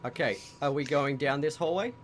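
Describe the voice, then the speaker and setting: A man's voice: on the high side, brisk, slight background noise. A man running a tabletop game show as game master, casual and profane, building tense scenes. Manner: casual, swearing, dramatic scene-setting.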